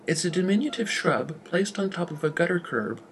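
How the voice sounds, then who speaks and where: Male narrator, wry and deadpan, somewhat high, faint background noise. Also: brisk. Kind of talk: storytelling narration.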